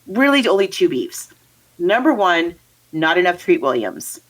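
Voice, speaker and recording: A woman's voice: fairly low pitch, sing-song, a little slow, poor audio. A woman co-hosting a casual movie review chat, rambling and laughing as she talks. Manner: chatty, rambling, laughs often. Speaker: podcast co-host.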